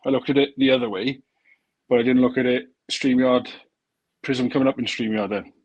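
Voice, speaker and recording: A man's voice: medium pitch, fairly even intonation, fairly quick, a little mellow, highs cut off. Easygoing South Welsh man. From Wales. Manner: easygoing, laughs often, says "mate". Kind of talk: casual chat on a live stream.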